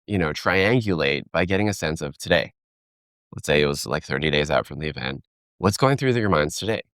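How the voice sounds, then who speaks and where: Deep-voiced animated man, keynote speaker. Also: dry recording, studio quality. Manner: animated storyteller, acts out quoted voices. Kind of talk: conversational podcast interview.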